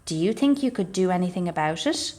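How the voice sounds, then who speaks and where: A woman voicing Mr Tickle, a cheerful little storybook man, in a bright, eager way. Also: on the low side, lively intonation, brisk.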